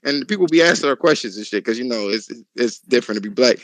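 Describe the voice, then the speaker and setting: A man hosting a casual podcast chat, telling stories in a loud, profane, laughing way. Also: medium pitch, fast, dry recording, rough recording. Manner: animated, profane, laughing storyteller. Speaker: podcast host.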